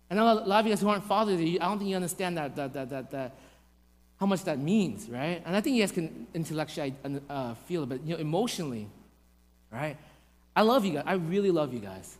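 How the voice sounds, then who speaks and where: Man, pastor, high voice, swooping lively delivery, sermon in a reverberant church hall. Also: quick pace. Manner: animated, acts out voices in anecdotes, rhetorical questions.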